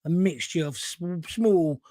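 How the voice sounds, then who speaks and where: A man's voice: on the high side, takes it slowly, warm tone, no room sound, clean studio sound. A man hosting an opinionated talk show, ranting sarcastically and reading out viewer messages. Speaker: show host.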